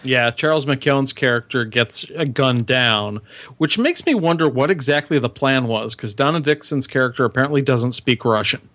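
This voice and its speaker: A man with a mid-pitched voice chimes in with plot details and corrections. His voice sounds close and dry, with no room echo. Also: lively intonation, moderate pace, fairly bright tone. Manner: adds plot details, checks facts. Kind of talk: casual movie chat.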